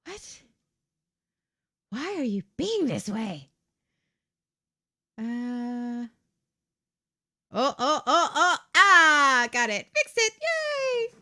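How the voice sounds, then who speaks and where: A woman's voice: sits high, sing-song, drawn-out words, long pauses, bright, forceful tone. A woman hosting her own livestream, talking candidly, laughing often and swearing freely. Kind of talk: casual livestream chat.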